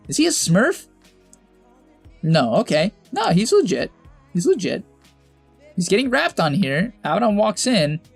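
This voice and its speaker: A young man coaching over a game replay in casual, chatty commentary that bursts into exasperated shouts and laughter. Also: on the high side, creaky, no room sound.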